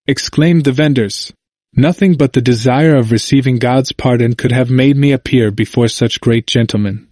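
In a steady, measured manner, a man with a medium-pitched voice reads a historical narrative aloud as an audiobook reader. The scripted narration has clean studio sound with no room echo.

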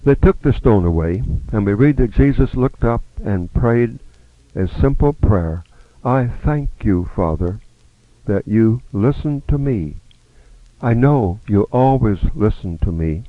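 A man's voice: medium pitch, expressive, a little slow, dry recording. A man teaching a Bible study lesson, reading scripture aloud and acting out the speakers' lines. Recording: dry, narrow phone-like sound.

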